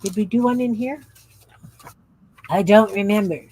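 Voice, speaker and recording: A woman's voice: mid-range voice, normal speed, warm tone, a little hiss or hum. A woman in her fifties hosting a craft livestream, chatting casually in a rambling, easily sidetracked way. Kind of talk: casual chat while crafting.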